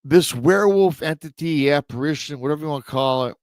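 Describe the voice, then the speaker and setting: A man's voice: fairly high pitch, fairly quick, few pauses, no echo. A man hosting a show, casually retelling a listener's true encounter story with rambling asides to his audience. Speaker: host and storyteller.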